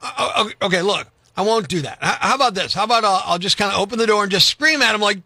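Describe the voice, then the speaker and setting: A man's voice: sits high, lively intonation, quick pace, hardly any pauses, bright, forceful tone, no room sound. A male radio host making a prank call, arguing in a pushy, overprotective way. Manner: playing a pushy overprotective dad on the phone.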